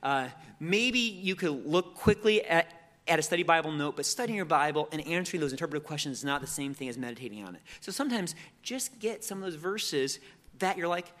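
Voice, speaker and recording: A man teaches a church audience in a relaxed, conversational way, voice sitting a little high. He often repeats small words and restarts phrases as he thinks aloud. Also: fairly quick. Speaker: Bible teacher. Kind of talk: teaching talk on Bible meditation.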